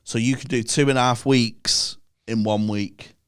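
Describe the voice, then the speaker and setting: A man's voice: medium pitch, fairly even intonation, unhurried, clear, resonant tone. Man, podcast guest, eager storyteller, laughs and swears easily. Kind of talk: casual chat.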